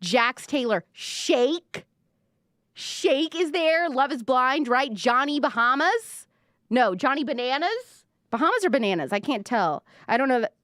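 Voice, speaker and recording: A woman's voice: high-pitched, lively intonation, normal speed, sharp tone, no echo, studio quality. A young woman hosting a casual pop-culture livestream, chatty and gossipy, full of "like" and reading viewer comments aloud. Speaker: livestream show host.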